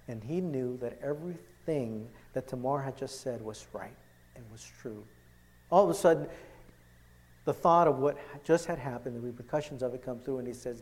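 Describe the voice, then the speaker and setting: Impassioned preacher in a reverberant hall. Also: male voice, mid-range voice, normal speed. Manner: impassioned, swings from loud to hushed. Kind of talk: sermon.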